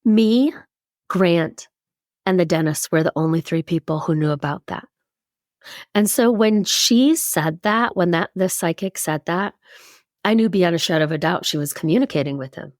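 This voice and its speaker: A woman in her fifties, a podcast guest, sharing a personal story in a lively, animated way. Her voice sits fairly low for a woman, and she acts out what other people said. The sound is dry and close, with no room echo. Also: normal speed. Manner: animated storyteller who acts out quoted speech.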